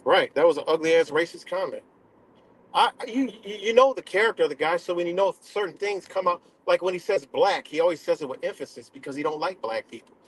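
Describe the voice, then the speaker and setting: A man hosting a live stream, ranting casually and profanely, filling pauses with "right?" and "you know?". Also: on the high side, lively intonation. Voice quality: dreadlocks wearer talking in a loose, street-casual way.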